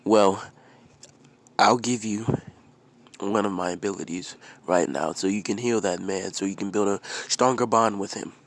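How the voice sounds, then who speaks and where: A man voicing an ancient, wise old sage spirit who speaks in a calm, knowing way in a storytelling fan narration. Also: on the low side, a little slow.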